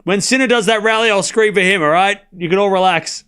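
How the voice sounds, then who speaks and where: A man streaming a tennis watchalong, calling every shot in rapid play-by-play and bantering teasingly with his chat. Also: sits high, clear, resonant tone. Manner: rapid rally calling, bursts into excited shouting on big points. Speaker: live tennis watchalong commentator. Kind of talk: live stream play-by-play commentary.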